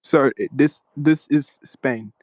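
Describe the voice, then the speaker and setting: A man's voice: mid-range voice, takes it slowly, dry recording, close to an everyday voice. A man putting on a fake accented caller. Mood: stubborn. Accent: put-on Indian accent. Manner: stubborn, repeats short phrases. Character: male caller faking a foreign accent. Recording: dull dry phone line.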